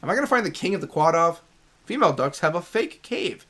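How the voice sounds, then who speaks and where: A young man commenting on his own video game stream in a loose, rambling way, breaking now and then into excited outbursts. His voice is a touch higher than most men's, bright and forceful. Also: quick pace. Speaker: gaming streamer. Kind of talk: casual let's-play commentary.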